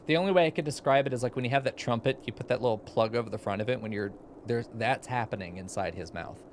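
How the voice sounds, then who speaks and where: A man's voice: mid-range voice, fast, slight background noise. A young man chatting casually as he reacts to a game, rambling through thoughts with plenty of asides. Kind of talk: casual commentary.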